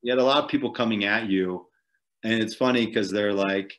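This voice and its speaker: A man with a fairly low voice tells a long race story as a podcast guest. He rambles loosely, leans on fillers, and keeps breaking into small chuckles. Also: fairly quick, fairly bright tone. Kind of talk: casual storytelling interview.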